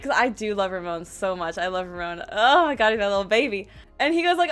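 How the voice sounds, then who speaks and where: A young woman with a high, bright-toned voice recounts her stories in a casual, excitable way. She pokes fun at herself and jumps into little quoted voices as she goes. Soft music plays faintly underneath. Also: quick pace. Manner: excitable, self-deprecating, animated quoting with laughs. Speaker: vlogger. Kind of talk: casual storytelling.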